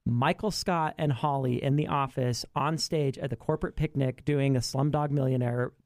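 A podcast co-host chatting casually and expressively about films, with quick asides. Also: mid-range voice, steady tone, darkish tone, dry recording, clean studio sound. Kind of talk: casual film review chat.

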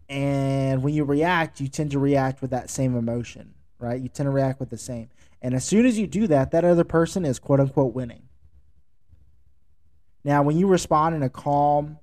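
Man, podcast host, mellow dark voice, conversational, earnest, solo leadership talk. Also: medium pitch. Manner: conversational, earnest, with fillers and rhetorical "right?".

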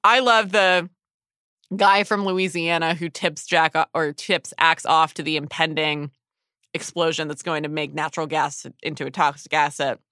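A podcast co-host in casual recap chat, animated and chatty, peppered with "like". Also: mid-range voice, normal speed, clean tone, dry recording, studio quality.

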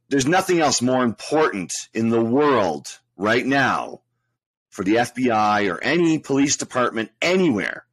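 A man with a fairly low voice chats casually, with a wry, sarcastic bent to his jokes. The sound is dry and close to the mic. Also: fairly bright tone, no echo, rough recording. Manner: wry, sarcastic, drily joking. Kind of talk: casual chat.

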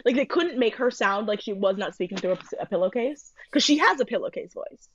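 A woman's voice: medium pitch, animated, brisk, lo-fi sound, a little hiss or hum. A woman co-hosting a podcast, chatting casually and opinionated as she recaps a TV show with lots of fillers. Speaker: podcast co-host.

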